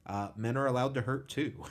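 A man's voice: mid-range voice, normal speed. A man hosting a podcast, talking frankly and casually about personal struggles and swearing freely. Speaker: podcast host. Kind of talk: candid conversational podcast talk.

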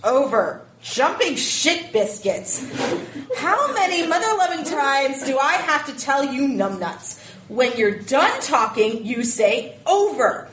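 A woman's voice: medium pitch, expressive, unhurried, close to an everyday voice. A woman voicing a short-tempered female radio dispatcher who barks insults in a screeching voice. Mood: furious. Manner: barking insults in bursts. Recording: echoey far-off room with faint noise.

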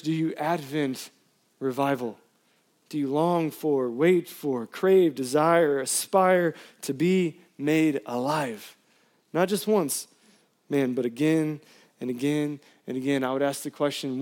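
A man preaching a sermon, impassioned, climbing to pleading highs and then dropping quiet and intimate. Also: unhurried. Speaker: pastor.

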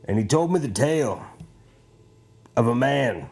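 A man's voice: mid-range voice, lively intonation, measured pace, creaky, darkish tone, slightly rough. A man hosting a podcast, rambling casually in a profane, joking, self-mocking way at home. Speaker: podcast host.

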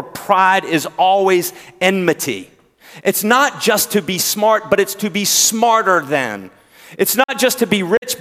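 Preaching in a high voice with a Southern accent, a male pastor draws out important words with pauses and moves between booming emphasis and quiet murmurs. The sound carries a long hall reverb.

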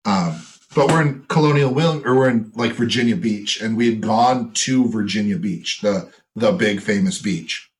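Man from Wisconsin, slight Wisconsin accent, lowish voice, casual rambling storyteller for a podcast. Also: normal speed, few pauses, a little hiss or hum. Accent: mild Wisconsin. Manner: rambling storyteller, many fillers. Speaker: podcast co-host. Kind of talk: casual chat.

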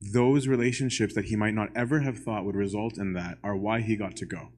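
A man's voice: on the low side, fairly even intonation, a little fast, darkish tone, slight background noise. A man giving a church lecture in a conversational way, often asking the audience "right?" and putting questions straight to them.

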